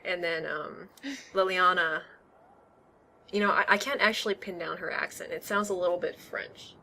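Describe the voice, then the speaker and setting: A woman's voice: fairly low pitch, steady tone, moderate pace, pushed and bright, slight background noise. A woman chatting casually as she comments on a video game she is playing. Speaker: let's play commentator.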